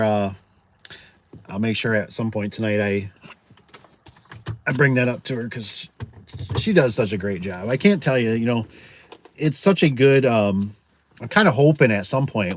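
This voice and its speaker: A man who runs a garage door business, chatting casually to his live audience, rambling with restarts and reading out viewer comments. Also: medium pitch. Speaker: garage door business owner, channel host. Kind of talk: casual livestream chat.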